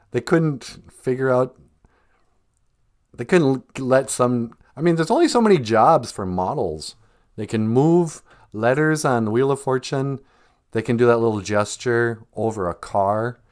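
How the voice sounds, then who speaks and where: Guy hosting a podcast, lively up and down voice, rambly, laughs a lot. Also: medium pitch, a little slow. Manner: rambling, laughs often, jokey. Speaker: podcast host. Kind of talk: casual comedic monologue.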